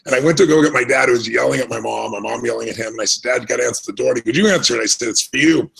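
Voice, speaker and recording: A man's voice: mid-range voice, steady tone, racing, gravelly, a bit bright, breathy edge, low-quality recording. A middle-aged American man telling his life story as an interview guest, earnest and reflective, often restarting his sentences. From United States. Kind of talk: conversational storytelling.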